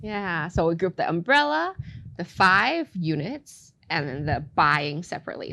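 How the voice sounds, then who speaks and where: A woman teaching a casual language lesson, playful, modeling phrases slowly and clearly. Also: lowish voice, very animated, pushed and bright.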